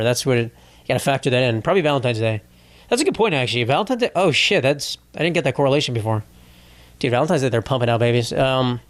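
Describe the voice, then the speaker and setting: Heard with no echo, this podcast host has a medium-pitched voice. The young man runs a comedy show alone, delivering exasperated, swear-filled, meandering rants.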